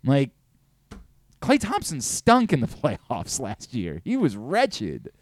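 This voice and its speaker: A middle-aged man hosting a sports talk show, ranting and gushing in a casual, profane, excitable way. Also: mid-range voice. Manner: animated, profane, rapid swings between excitement and rant. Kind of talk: casual sports radio chat.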